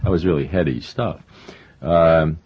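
Rumbling low and husky, an older man speaks unhurriedly as the novelist guest in a conversational interview. He meanders with self-deprecation, frequent fillers and restarts, and the audio is a dull, lo-fi radio recording.

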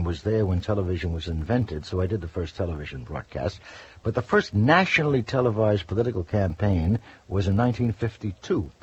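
An older man with a very husky, breathy voice and a fairly low pitch tells his stories in an interview. He acts out the quotes as he goes. The recording is dull and lo-fi, like an old radio broadcast. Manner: lively anecdotes with acted-out quotes. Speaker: interview guest, former news correspondent. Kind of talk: storytelling interview.

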